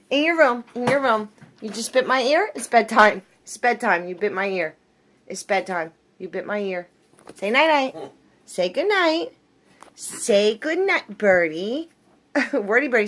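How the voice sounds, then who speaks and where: Lady filming her pets at home, chatty and giggly, kinda high voice, slow easy pace, faint hiss behind. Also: fairly bright tone. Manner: playful, laughing, coaxing talk to a bird. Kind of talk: casual chat to pets while filming.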